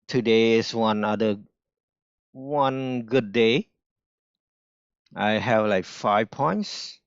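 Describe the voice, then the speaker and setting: Male streamer, non-native English with a strong accent, slow and halting, smooth voice, dry muffled audio. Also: lowish voice, no echo. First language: not English. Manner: halting, restarts often, slow careful phrasing. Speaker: day trader streaming live. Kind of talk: casual live-stream talk.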